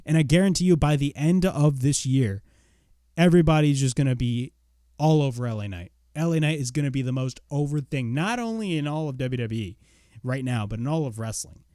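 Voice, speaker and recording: A young man giving a casual spoken wrestling review, blunt and excitable, swearing freely. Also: medium pitch, fairly quick, no room sound, clean studio sound.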